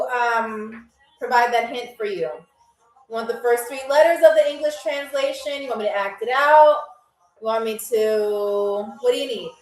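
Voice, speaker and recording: A woman's voice: high-pitched, echoey room, recorded from a distance, poor audio. A woman hosting a live online game show in a playful, chatty, teasing way. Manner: chatty, teasing, laughs often.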